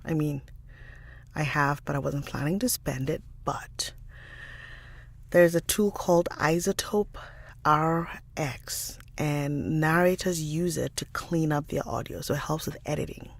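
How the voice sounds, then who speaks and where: A woman's voice: low voice, a little slow, no room sound. A woman hosting a casual livestream who chats and greets her viewers by name, speaking into a studio mic. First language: not an American English speaker. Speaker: livestream host and audiobook narrator. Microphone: studio side-address mic.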